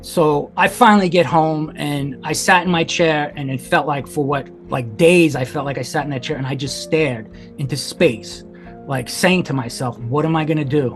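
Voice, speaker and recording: A man's voice: a little high, moderate pace, faint music behind. A man in his forties, a podcast guest, telling his own story in a candid, intense way, swearing often and filling his talk with "like.". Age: 40s. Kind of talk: emotional personal storytelling.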